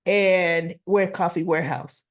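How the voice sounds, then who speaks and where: A woman casually recapping a soap opera episode, retelling scenes in an animated way and acting out what the characters say. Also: lowish voice, measured pace.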